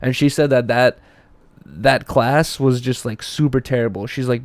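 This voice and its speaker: A man's voice: mid-range voice, normal speed, dry recording. Rambling, swearing young man host. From Russia. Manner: rambling storytelling with frequent swearing and fillers. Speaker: podcast host. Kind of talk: casual podcast chat.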